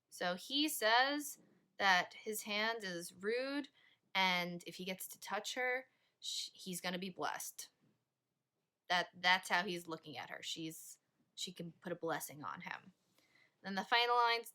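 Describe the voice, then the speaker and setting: A woman teacher talks students through a read-along literature lesson in a bright, clear voice. She explains in a lively, chatty way, at a middle pitch. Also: takes it slowly. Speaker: English teacher.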